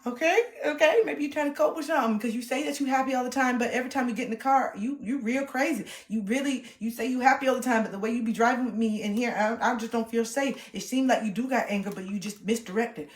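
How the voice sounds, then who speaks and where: A woman's voice: fairly high pitch, quick pace, hardly any pauses, faint music behind. A woman livestreamer ranting in a blunt, profane, confrontational way. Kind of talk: livestream rant. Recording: roomy echo.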